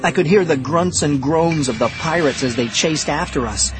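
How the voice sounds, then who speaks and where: A man's voice: fairly high pitch, normal speed, over music. Man dramatically reading a children's adventure. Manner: lively, dramatic storytelling. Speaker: audiobook narrator. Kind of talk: first-person audiobook reading of a children's adventure.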